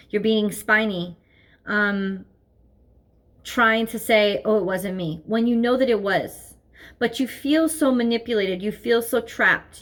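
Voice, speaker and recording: A woman's voice: on the high side, a bit bright. A woman giving a tarot reading at home, talking earnestly and repeating herself as she thinks aloud. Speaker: tarot reader. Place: home, seated at desk with her dog nearby.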